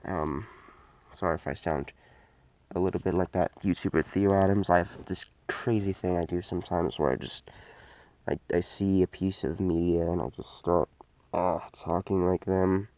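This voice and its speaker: A man's voice: low-pitched, fairly even intonation, normal speed, a little mellow, no echo. A man giving a casual, unscripted toy review, rambling and hesitant with many fillers and restarts.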